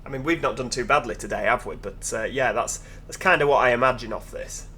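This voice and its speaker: A man's voice: mid-range voice, brisk, sharp tone, slight background noise. A man giving casual, chatty commentary over gameplay, with joking asides to his viewers. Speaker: video game commentator.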